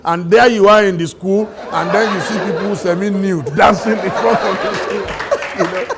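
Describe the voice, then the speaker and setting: A man's voice: high voice, moderate pace, gravelly, over a noisy crowd, very noisy. A middle-aged Nigerian man with a Nigerian accent, a talk show guest telling stories with frequent laughter. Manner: laughs through his stories, animated. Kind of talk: storytelling conversation.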